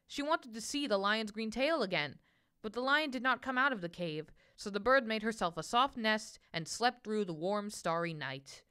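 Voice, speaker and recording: Bright, lively woman reading a picture book. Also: mid-range voice, moderate pace, smooth. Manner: gentle, expressive storytelling. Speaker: storyteller. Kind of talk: children's picture-book read-aloud.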